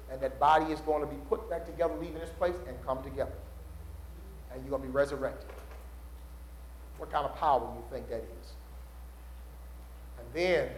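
A male preacher delivers a sermon with call-and-response, building loud and dropping low. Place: church sanctuary. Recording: roomy church echo.

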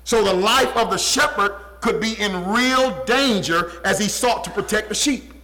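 A pastor preaching a sermon with an emphatic, repetitive cadence, often dropping low and quiet for stress. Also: male voice, unhurried, poor audio.

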